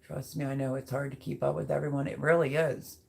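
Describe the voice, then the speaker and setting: A woman's voice: extremely low pitch, little pitch movement, fairly quick, creaky. A woman hosting a casual live stream who chats and rambles to viewers while reading their comments aloud. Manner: chatty, rambling, talks straight to viewers. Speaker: livestream host reading chat.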